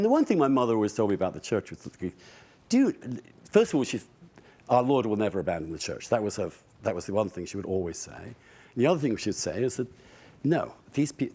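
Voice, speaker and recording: A middle-aged Englishman, a guest speaker sharing wry, unhurried personal stories with soft laughs and frequent restarts. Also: lowish voice. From England. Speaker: guest speaker at a public conversation. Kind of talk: reflective personal storytelling.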